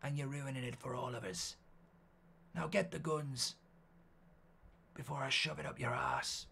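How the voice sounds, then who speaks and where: A man putting on an Irish accent to voice a quiet, menacing middle-aged Irishman who murmurs threats. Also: fairly even intonation, a little slow, creaky, slight background noise. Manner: low, murmured, threatening delivery.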